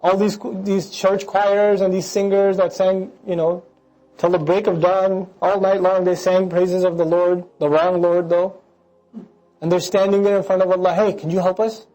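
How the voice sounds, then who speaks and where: A man giving a lecture on scripture, animated and joking in a conversational way. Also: high voice, moderate pace. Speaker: preacher explaining scripture.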